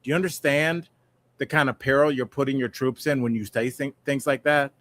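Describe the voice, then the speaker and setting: The speaker is a man co-hosting a casual, comedic news podcast, where he rambles, jokes around, and often does impressions of tough-talking guys. His medium-pitched voice is a bit bright, and he speaks a little fast.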